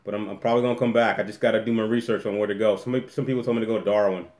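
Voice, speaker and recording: A man's voice: on the low side, fairly even intonation, rapid-fire, darkish tone, echoey room. A man hosting a casual live-stream Q&A from a room at home, rambling and restarting often as he reads the chat aloud. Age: adult with a daughter.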